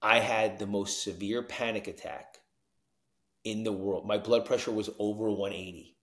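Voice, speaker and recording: As a podcast guest, a New Jersey recovery coach recounts his story conversationally, performing other people's lines and frequently asking "you know what I mean." He has a lowish voice at a moderate pace, with a roomy sound.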